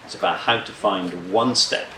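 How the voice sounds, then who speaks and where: A man, a farmer, giving a measured talk at a conference. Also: low voice, steady tone, crowd noise. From Scotland. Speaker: farmer speaker. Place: conference room. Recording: echoey hall, distant mic.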